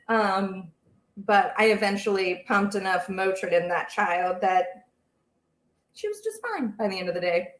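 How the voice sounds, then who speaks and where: A woman's voice: medium pitch, animated, normal speed, roomy sound. Chatty woman hosting a baking livestream. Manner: chatty, rambling, reads out viewer comments. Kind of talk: casual live-stream chat while cooking. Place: home kitchen.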